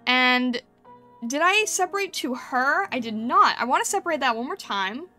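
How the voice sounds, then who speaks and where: A woman's voice: sits high, lively intonation, moderate pace, bright, forceful tone, soft background music. A woman streamer chatting casually with her chat and thinking aloud while she paints over and critiques thumbnails.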